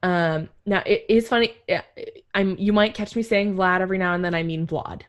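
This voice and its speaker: A woman's voice: medium pitch, fairly even intonation, fairly quick. A young woman co-hosting a casual podcast, telling a history story with lots of laughs and self-corrections. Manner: giggly, self-correcting, chatty. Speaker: podcast co-host.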